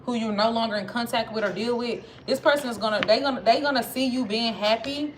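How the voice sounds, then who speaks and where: A woman's voice: on the high side, quick pace. A woman with a Southern accent giving a casual tarot reading, chatty and slangy, talking straight to her viewers. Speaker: tarot reader. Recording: noisy with clicks.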